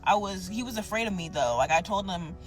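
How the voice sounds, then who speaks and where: A woman's voice: mid-range voice, expressive, fairly quick, faint music behind. A woman telling a personal story in casual story-time style, blunt and rambling. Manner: blunt, rambling, acts out quoted voices. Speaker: storyteller in a played clip.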